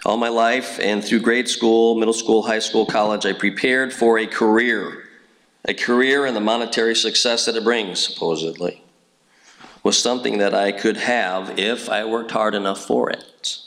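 A man's voice: lowish voice, steady tone, moderate pace, fairly bright tone, poor audio. A middle-aged man from Indiana giving a personal testimony talk at church, telling stories earnestly with frequent fillers and restarts. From Indiana, USA.

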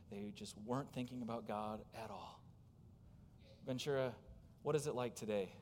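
A man's voice: fairly low pitch, normal speed, long pauses, a little mellow, a little hiss or hum. A man, preaching a sermon as pastor, talking emphatically and putting direct questions to his congregation. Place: church sanctuary. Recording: long hall reverb in a church.

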